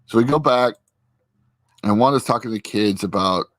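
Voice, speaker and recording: This vlogger, a man with a lowish, slightly bright voice, talks at normal speed in a dry recording. He's at his computer with a friend, casually rambling through a TV episode recap packed with fillers and quotes he acts out.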